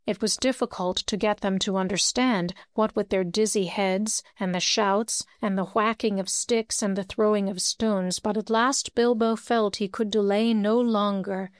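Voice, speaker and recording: Woman audiobook narrator, smooth clear voice, close and dry recording. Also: mid-range voice, normal speed, hardly any pauses, no room sound. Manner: steady storytelling, lifts her voice for dialogue. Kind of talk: audiobook reading.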